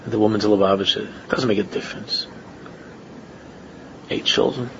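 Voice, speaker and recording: Gravelly man giving a repetitive religious talk. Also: fairly low pitch, steady tone, moderate pace, a bit bright, a little hiss or hum. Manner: repetitive, restates phrases, rises to emphatic questions. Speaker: religious speaker. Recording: muffled lo-fi recording.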